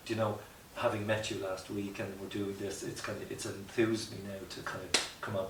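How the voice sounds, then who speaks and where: Man, podcast guest, earnest storytelling, low-ish voice, roomy sound, faint hiss. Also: little pitch movement, brisk, far from the mic. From Ireland. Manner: reflective, earnest, many restarts and "you know" asides. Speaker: guest, mountaineer. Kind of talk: conversational storytelling interview.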